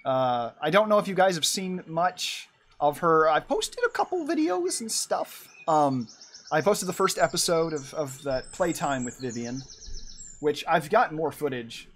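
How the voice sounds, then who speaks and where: A man's voice: a little high, big pitch swings, normal speed, a bit bright. A man streaming from his room at home, chatting casually and rambling while he draws and answers his chat. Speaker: art streamer.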